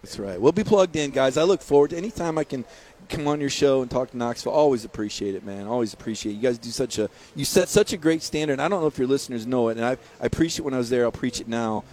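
A man as a guest on a sports radio show, talking in emphatic, rapid-fire rants with repeated words. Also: mid-range voice, darkish tone. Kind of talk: phone-in sports radio interview.

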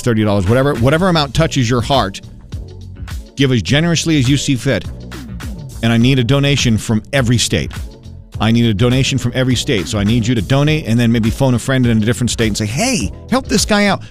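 Lively male radio morning host. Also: medium pitch. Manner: chatty, animated, salesy. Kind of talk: upbeat radio banter and promos.

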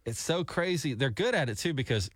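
A man's voice: a little high, brisk, no room sound, studio quality. A man from Alabama hosting a morning radio show, chatty and telling stories. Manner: chatty storyteller, animated. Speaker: radio host.

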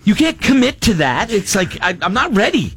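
A man's voice: high voice, normal speed. A man in a casual group chat, telling a funny story with lots of laughter and acted-out sounds. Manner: animated storyteller, laughs often, acts out sounds.

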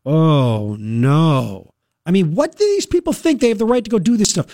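A man hosting a talk radio program, his voice a bit higher than most men's. He rants with biting sarcasm and indignation. The studio mic sounds close and dry, with no room around it. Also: big pitch swings, normal speed, warm tone, no room sound. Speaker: radio talk show host. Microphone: studio microphone.

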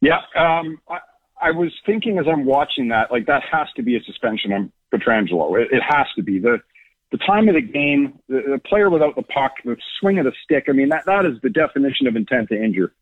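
A man's voice: mid-range voice, big pitch swings, fairly quick, no echo. Man, hockey analyst guest, tinny phone line, dry sound, stat-heavy, hesitant. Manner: thoughtful, stat-driven, hesitant restarts. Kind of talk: call-in sports analysis.

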